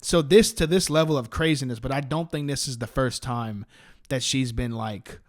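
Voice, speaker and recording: A man co-hosting a casual film review podcast, eager and quick to agree, swearing often. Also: mid-range voice. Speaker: podcast co-host.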